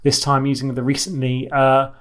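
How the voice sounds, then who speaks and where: A man's voice: mid-range voice, monotone, normal speed, a bit bright. Man sharing film trivia. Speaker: movie podcast co-host. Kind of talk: casual chat.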